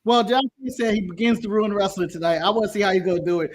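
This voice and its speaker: A man hosting a livestream, chatting casually about wrestling with animated, sarcastic remarks and casual swearing. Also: high-pitched, racing, few pauses. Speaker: podcast host.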